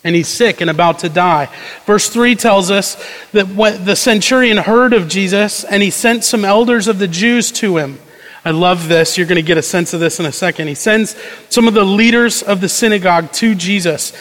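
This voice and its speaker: A man's voice: high voice, moderate pace, a bit bright, big-room sound, poor audio. A man preaching a sermon in a conversational way, acting out quoted prayers and tossing asides to the congregation. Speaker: pastor.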